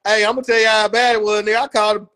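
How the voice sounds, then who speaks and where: A man's voice: high voice, flat delivery, racing, sharp tone. A man co-hosting a casual podcast chat, telling profane, joking stories. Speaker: podcast co-host.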